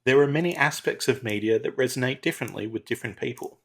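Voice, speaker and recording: Man, mid pitch, relaxed, wry casual podcast talk. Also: quick pace, vocal fry, husky. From Australia. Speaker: podcast co-host. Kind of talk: casual chat.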